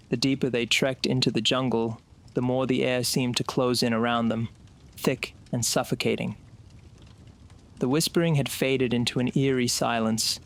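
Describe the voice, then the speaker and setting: A man reads a scripted horror story aloud. He keeps a slow, suspenseful delivery. His voice sits at a middle pitch for a man. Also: fairly bright tone. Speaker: narrator.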